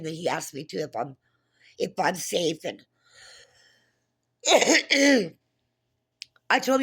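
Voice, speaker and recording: A woman's voice: lowish voice, sing-song, a little slow, long pauses, a bit bright, slightly rough. A woman talking to camera in an agitated, profane monologue, retelling a phone call with many restarts. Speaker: vlogger. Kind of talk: casual monologue.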